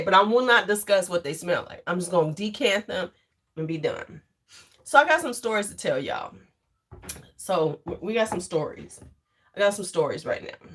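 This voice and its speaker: A woman's voice: mid-range voice, fairly bright tone. A woman hosting a casual livestream, rambling between topics, laughing often and chatting with her viewers. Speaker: livestream host.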